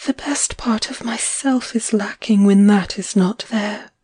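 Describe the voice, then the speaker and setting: A woman's voice: sits high, expressive, slow pace, a little mellow, pitched above the performer's own voice. Woman voicing a dreamy, whispering young lover. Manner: breathy, half-whispered, pleading.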